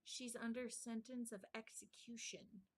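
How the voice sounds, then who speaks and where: A woman voicing a timid, anxious male rabbit who speaks in a low, hurried tone. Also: lively intonation, full character voice. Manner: hushed, hurried, nervous.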